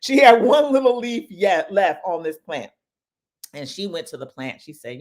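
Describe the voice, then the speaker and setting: A woman hosting a casual motivational talk, chatty and animated, with lively asides as she tells stories. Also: fairly low pitch, moderate pace. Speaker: host.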